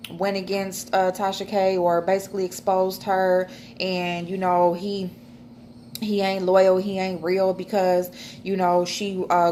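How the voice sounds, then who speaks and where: A woman's voice: medium pitch, darkish tone, slight background noise. Woman, 30s, loose emotional home vlogger, frank and profane. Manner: chatty, loose and emotional, swearing often, laughing. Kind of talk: casual chat to camera. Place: at home, indoors.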